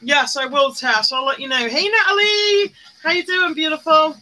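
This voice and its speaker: A woman's voice: high-pitched, normal speed, pushed and bright, rough recording. A woman hosting a chatty live stream while doing her makeup, greeting viewers by name, squealing and humming along. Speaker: livestream host. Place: indoors at home, live streaming. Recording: faint music behind.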